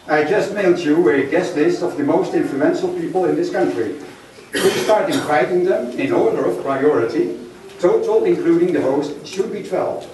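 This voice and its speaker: Man acting formal ambassador, brisk orders, higher voice, echoey hall from far off. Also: a little mellow, lightly acted. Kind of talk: amateur stage play.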